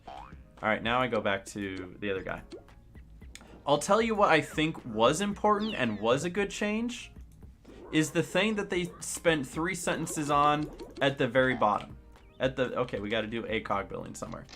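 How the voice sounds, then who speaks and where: A man's voice: mid-range voice, a bit bright. A young man giving casual, rambling commentary while he plays, opinionated but shrugging, with many fillers and restarts. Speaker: gaming streamer.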